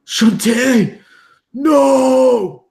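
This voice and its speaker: A man voicing a grieving male gnome who turns to rage, wailing and shouting accusations. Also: very high-pitched, extremely slow, echoey room, pitched above the performer's own voice, exaggerated voice. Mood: anguished.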